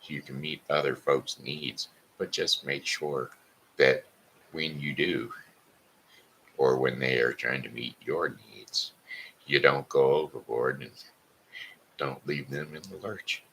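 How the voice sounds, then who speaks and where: A man hosting a live show, stuffy from sinus trouble, reading a story and scripture aloud in a slow, halting way. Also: a bass voice, a bit bright, slight background noise, low-quality recording. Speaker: host of a live blog show.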